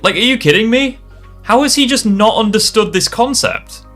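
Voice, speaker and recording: A man's voice: sits high, animated, normal speed, a bit bright, soft background music. A young man reacting live to a video, sarcastic and exasperated, swearing often.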